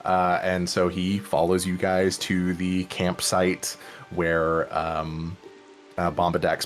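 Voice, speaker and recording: A man narrating a tabletop game as game master in a casual, halting way. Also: low voice.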